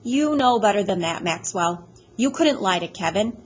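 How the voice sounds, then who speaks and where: A woman voicing a weary, caring woman doctor in an audiobook, speaking gently, patiently and frankly. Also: mid-range voice, lively intonation, moderate pace, slightly rough. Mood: gentle. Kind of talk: audiobook character voice.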